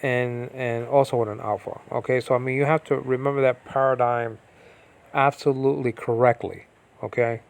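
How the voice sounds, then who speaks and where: A man's voice: mid-range voice, steady tone, normal speed, gravelly, low-quality recording. A man teaching Biblical Greek grammar from home in a casual, rambling way, full of fillers and asides. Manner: rambling, talks to himself, many fillers. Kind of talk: casual online lesson. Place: at home during a storm.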